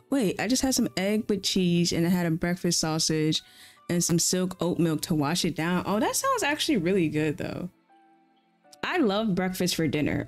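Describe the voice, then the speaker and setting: A woman streaming a farming game, chatting playfully and answering her viewers as she plays. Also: lowish voice. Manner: playful, chatty, reacts aloud and answers chat. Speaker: gaming streamer. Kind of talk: casual live-stream chat while playing.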